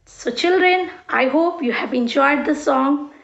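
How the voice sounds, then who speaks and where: A woman teacher with an Indian English accent, singing a sing-song children's song slowly for young kids. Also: high-pitched, gravelly, fairly bright tone. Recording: echoey room, slightly dull sound.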